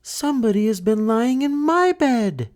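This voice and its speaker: A man doing a high-voiced mother bear. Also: very animated, a little slow, a little mellow, exaggerated voice. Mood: indignant. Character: mother bear, middle-sized, calm. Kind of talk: storybook read-aloud.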